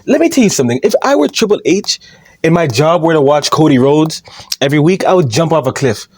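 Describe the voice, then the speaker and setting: A man's voice: fairly high pitch, expressive, a little fast, darkish tone, husky, no room sound. A man ranting in a vlog monologue, mocking and swearing, laughing at his own jokes and often asking "all right?". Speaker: wrestling commentary YouTuber.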